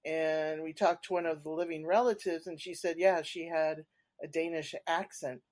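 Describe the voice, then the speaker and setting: Woman telling ghost stories in an unhurried way. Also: deep voice, steady tone, darkish tone. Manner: unhurried, with frequent fillers and restarts. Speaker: podcast guest, paranormal investigator. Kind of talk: casual interview storytelling.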